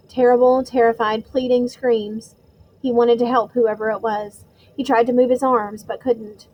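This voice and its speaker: A woman narrating a storybook chapter in a measured, suspenseful way. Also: a little high, muffled recording. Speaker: audiobook reader.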